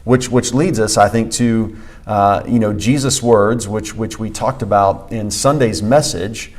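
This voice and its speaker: A pastor co-hosting a church podcast teaches in a conversational, emphatic way, repeating key phrases and using frequent fillers. His voice is on the low side and unhurried.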